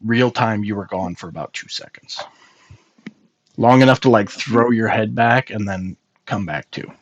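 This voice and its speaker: A man narrating a tabletop game as game master, in a measured, descriptive way. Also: fairly low pitch, no room sound, dull audio.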